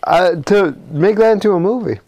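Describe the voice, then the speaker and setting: Energetic man rambling through a story. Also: high voice, normal speed. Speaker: podcast co-host. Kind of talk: improvised comedy storytelling.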